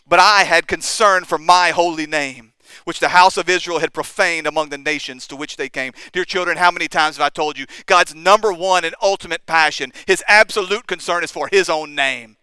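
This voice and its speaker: A man preaching with a high, bright voice that is smooth and resonant. His delivery is impassioned, swinging between hushed and intense. The sound is dry and close, with no room echo. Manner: impassioned, rises and drops in intensity. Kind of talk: sermon.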